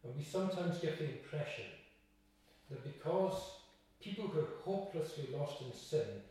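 A man's voice: fairly high pitch, lively intonation, moderate pace, warm tone. Man preaching in an echoey church. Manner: earnest, repeats rhetorical questions. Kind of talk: sermon. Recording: echoey hall, distant mic.

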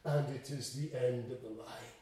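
A man preaching a sermon in a church, emphatic, swinging between loud and quiet to drive home his points. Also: medium pitch, fairly even intonation, normal speed. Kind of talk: expository sermon. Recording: echoey room, distant mic.

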